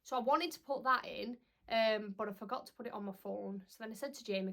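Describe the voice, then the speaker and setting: A woman's voice: a little high, quick pace, gravelly, a bit bright. A young woman, chatting casually to camera as a parenting vlogger, rambling with lots of "um"s.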